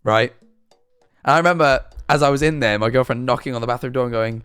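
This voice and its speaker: A man's voice: medium pitch, fast, a bit bright, clean tone, no room sound, faint music behind. A young man streaming, telling an embarrassing story in a rambling, self-deprecating way, his throat sore. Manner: rambling, self-deprecating, frequent restarts and "all right?". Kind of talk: casual storytelling to chat.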